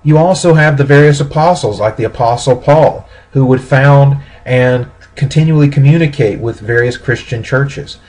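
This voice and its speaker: Man, history lecture, husky tone, mid pitch, pauses and self-corrections. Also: rough recording. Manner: steady explanatory pace with pauses and self-corrections. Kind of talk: recorded classroom lecture.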